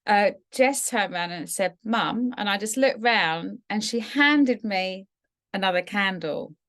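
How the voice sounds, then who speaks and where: A woman's voice: medium pitch, lively intonation, a little slow. A middle-aged woman from England, co-hosting a podcast and telling a personal story in a casual, heartfelt way that turns emotional. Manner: warm storytelling, gets emotional. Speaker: podcast co-host. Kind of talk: casual chat.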